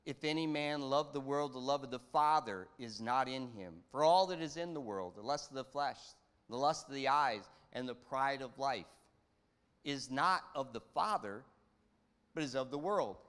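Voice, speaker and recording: A man preaching a sermon in a conversational way, quoting scripture and swinging his pitch and volume. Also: lively intonation, moderate pace, a bit bright, smooth. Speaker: pastor.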